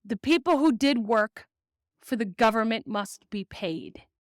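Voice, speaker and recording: High-voiced woman ranting with profanity. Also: animated, unhurried, dry recording, studio quality. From United States. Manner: profane, ranting, reads news aloud. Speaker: podcast host. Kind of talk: angry political commentary.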